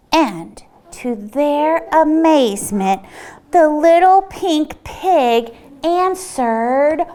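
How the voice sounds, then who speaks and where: A woman reading a picture book aloud at a children's storytime, expressive, with dramatic gasps. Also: high voice, drawn-out words.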